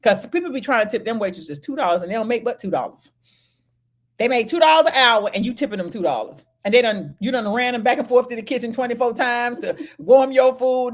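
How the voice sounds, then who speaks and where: A woman, co-hosting a casual chat and telling stories in an animated way, laughing often. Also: a little high. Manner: animated storytelling, laughing, loud retorts. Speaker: podcast co-host.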